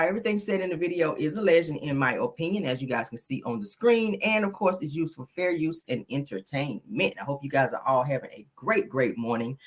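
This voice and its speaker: A woman's voice: sits low, a bit bright. A woman hosting a celebrity news live stream, talking in a chatty, sassy way, full of slang asides. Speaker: celebrity news channel host. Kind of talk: casual live-stream commentary.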